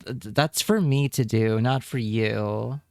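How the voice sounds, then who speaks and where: A man's voice: mid-range voice, a little slow, no echo, clean studio sound. A man streaming live, chatting casually with his viewers and reacting with wry remarks and repeated words.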